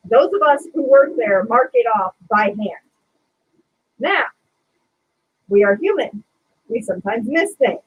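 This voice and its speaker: A woman co-hosting a casual podcast, telling a sarcastic retail story in a lively, chatty way. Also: a little high, breathy edge, phone-quality sound. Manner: animated, sarcastic retelling of a retail customer. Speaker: podcast co-host.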